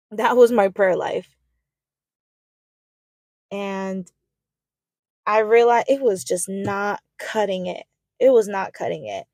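A young woman gives a personal testimony in a heartfelt, emotional voice, often circling back to repeat a phrase. Her voice sits at a middle pitch. The recording is dry and close. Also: darkish tone, no echo.

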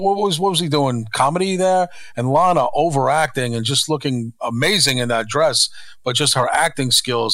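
A man's voice: medium pitch, fairly bright tone, no room sound. A man co-hosting a podcast, ranting bluntly and profanely in casual chat. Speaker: co-host.

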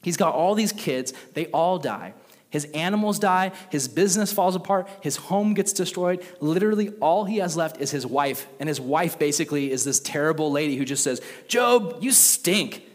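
Animated young pastor in a reverberant hall. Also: male voice, on the high side, normal speed. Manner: animated, casual slang, reads scripture with rising intensity. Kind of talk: casual sermon.

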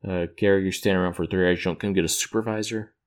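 A man's voice: sits low, steady tone, rapid-fire, lightly acted. Man doing a blunt, weary office demon. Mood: offhand.

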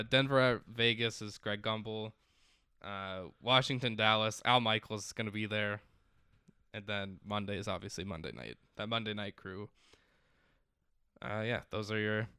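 Bright, crisp-voiced sports podcast guy. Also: on the low side, no echo, studio quality. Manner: chatty, reads out lists, laughs often. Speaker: podcast co-host. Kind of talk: casual sports chat.

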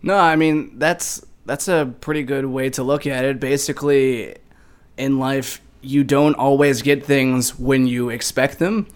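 A man's voice: mid-range voice, steady tone, measured pace, clear, resonant tone. A man co-hosting a podcast, chatting casually and often laughing. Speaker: podcast co-host.

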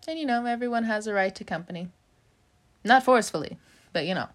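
A woman's voice: fairly high pitch, animated, fast, long pauses. A woman giving a casual tarot reading, chatty, with many "you know" fillers, frequent little laughs and casual swearing. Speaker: tarot reader.

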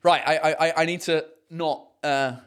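A man with an English accent hosting a casual live stream, rambling excitedly, swearing freely and laughing often. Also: on the high side, normal speed, clean tone. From England. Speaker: livestream host reading chat.

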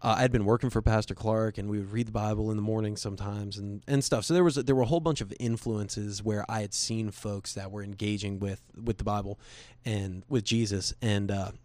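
A man's voice: lowish voice, fairly even intonation, fairly quick, a little mellow, no room sound. A man earnestly telling a personal faith story in casual conversation, rambling with restarts and slipping into quoted voices.

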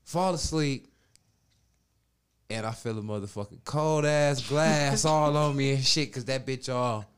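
A man's voice: mid-range voice, measured pace, clear, resonant tone. Man telling a crude story, bursting into laughs. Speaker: podcast storyteller. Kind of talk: casual chat.

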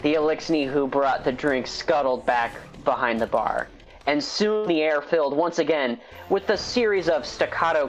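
A man co-hosting a podcast, reading a story aloud in a steady storytelling manner. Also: mid-range voice. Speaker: podcast co-host. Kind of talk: reading fan fiction aloud.

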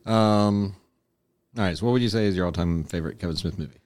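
A man co-hosting a podcast in casual chat, quick to laugh and joke. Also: darkish tone, no room sound. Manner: giggly, jumps into high voices for jokes. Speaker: podcast co-host.

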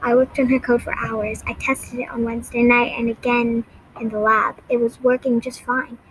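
A woman reads a defensive teenage schoolboy for a storybook, fairly high voice. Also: flat delivery, normal speed, slight background noise, natural voice, rough recording. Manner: defensive and pleading.

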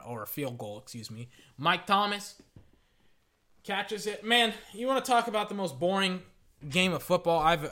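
A young man narrates a football game in a loose, chatty play-by-play. His voice sits high and sounds bright and forward. He wanders into side comments and restarts his sentences often. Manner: rambling, chatty, with frequent restarts and asides.

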